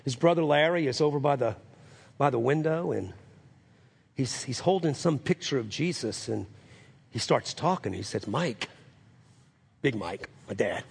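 A man with a New Orleans accent preaching a sermon, telling a story with lively quoted voices. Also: medium pitch, normal speed, vocal fry, husky.

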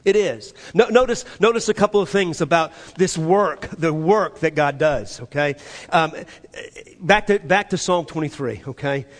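A male pastor preaching a sermon to his church and leading the congregation in call-and-response, moving between loud emphatic passages and hushed, soft ones. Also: fairly high pitch, normal speed. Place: church sanctuary. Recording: long hall reverb.

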